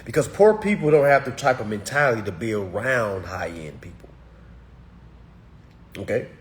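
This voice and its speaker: On a casual livestream, a lowish-voiced man talks at normal speed with an expressive delivery, answering viewer comments alone. He's blunt and preachy, emphatically repeating points, pounding on single words and asking "all right?" again and again.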